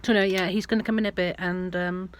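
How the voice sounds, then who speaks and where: A woman's voice: lowish voice, flat delivery, fast. A woman vlogging casually to camera from her van, chatty and rambling. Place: in and around a van. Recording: loud vehicle noise.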